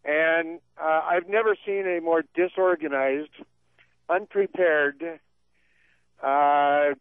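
A man's voice: on the high side, fairly even intonation, slow, smooth, dry recording. A man calling in to a talk radio show, chatty and complaining. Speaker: caller. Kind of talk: casual call-in chat. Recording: tinny phone line.

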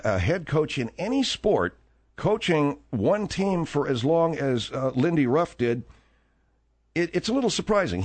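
A man hosting a comic talk radio show, gruff, mocking and impatient. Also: a little high, darkish tone.

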